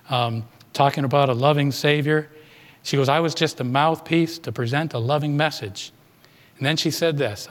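A man preaching a sermon, retelling a congregant's story and putting questions to his listeners. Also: medium pitch. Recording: long hall reverb.

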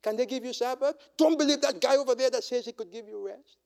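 A male pastor preaching a sermon and altar call, swinging from hushed whispers to shouted proclamations. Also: extremely high pitch, fast, creaky. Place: church sanctuary.

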